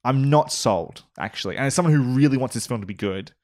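Rambling podcast host. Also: male voice, medium pitch, fast. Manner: rambling, animated, frequent fillers and restarts. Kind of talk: casual podcast chat.

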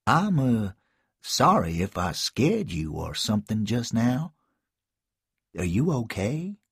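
A man voicing a kind, awkward middle-aged stranger who talks in a hesitant, gentle way. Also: fairly low pitch, sing-song, slow pace, creaky, breathy edge, no room sound, clean studio sound, pitched above the performer's own voice, exaggerated voice.

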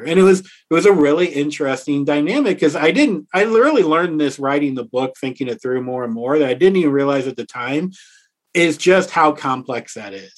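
A middle-aged man telling a personal story to an interviewer, reflective and earnest, slowing down to stress key words. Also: mid-range voice. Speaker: author and interview guest.

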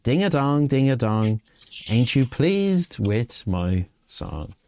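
A man's voice: medium pitch, big pitch swings, mellow, clear, resonant tone. Man hosting a podcast. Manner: reads a nursery rhyme in a slow sing-song. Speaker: podcast host. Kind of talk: casual podcast chat. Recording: dry close mic with faint music behind.

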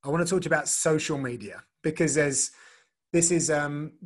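A man hosting a relaxed conversation who rambles, restarts his sentences and laughs easily. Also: a little high, a little fast. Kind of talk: casual chat.

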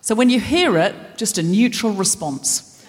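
Woman comedy host doing live stand-up, self-deprecating and anxious, mid-pitch voice, long hall reverb. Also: lively intonation, a little slow. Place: large concert hall stage.

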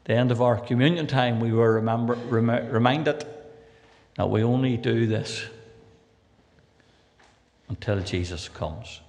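An older man with a Northern Irish accent preaches a sermon in a church hall with a long, ringing reverb. He reads scripture aloud with rising emphasis and slips in dry, humorous asides. His voice sits at an ordinary middle pitch. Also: measured pace, pauses often, darkish tone.

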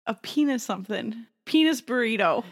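A woman with a Midwestern American accent, co-hosting a podcast in wry casual chat, quick to laugh. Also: fairly high pitch, animated. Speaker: podcast co-host.

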